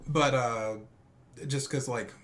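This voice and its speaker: Man, medium pitch, casual chat, hesitant, lots of you knows. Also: fairly even intonation, slow, fairly bright tone. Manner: hesitant, searching for words. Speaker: guest. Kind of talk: casual discussion.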